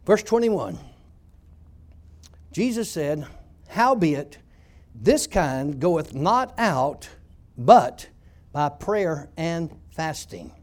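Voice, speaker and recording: Preacher guy, high voice swinging all over, gets shouty. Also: very animated, extremely slow, pauses often. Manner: preachy storytelling, builds to loud shouting. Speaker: pastor. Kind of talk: sermon.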